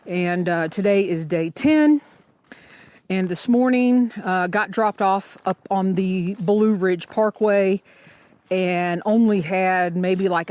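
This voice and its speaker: A woman's voice: medium pitch, no room sound. A woman talking in a chatty, rambling way with many fillers, vlogging outdoors while section hiking a forest trail. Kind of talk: casual trail vlog.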